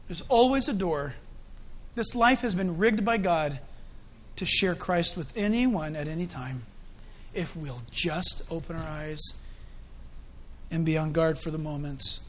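A man delivering a sermon in a high-pitched voice. He preaches in an animated, conversational way and slips in chuckling asides. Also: a little slow, pauses often, slight background noise.

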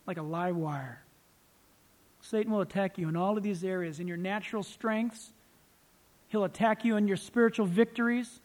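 A man preaching a sermon as pastor, animated and acting out little scenes. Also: high voice, in a large hall.

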